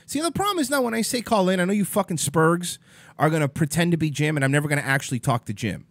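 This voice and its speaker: A man with a fairly high, animated voice talks fast while hosting a livestream, with no room sound in the recording. He rants casually at his chat viewers, exasperated and swearing freely, and calls out viewers by name.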